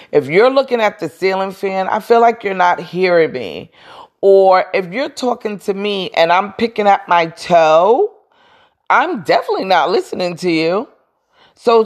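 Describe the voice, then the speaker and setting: A woman's voice: mid-range voice, animated, moderate pace. A woman hosting a podcast, giving casual motivational advice in a frank, emphatic way. She repeats her points, talks straight to her listeners and answers her own questions. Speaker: podcast host.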